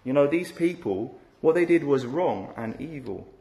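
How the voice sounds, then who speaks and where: A man's voice: on the high side, animated, normal speed, dark tone. Conversational male preacher in an echoey room. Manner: conversational, with frequent rhetorical tag questions. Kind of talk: expository sermon.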